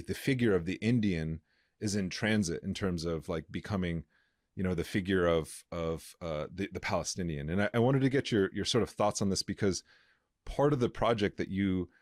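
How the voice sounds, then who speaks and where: A man's voice: sits low, moderate pace, no echo, clean studio sound. A man co-hosting a podcast, talking earnestly with many fillers and restarts. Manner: earnest, impassioned. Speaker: podcast co-host. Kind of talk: casual conversational interview.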